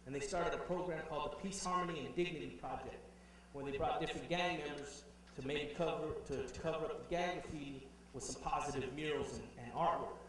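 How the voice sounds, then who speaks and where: A young man telling a personal story in an animated way as a conference speaker, heard from afar in a big hall with a faint hum. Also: a little high, fairly quick, far from the mic. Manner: animated, acts out quoted voices.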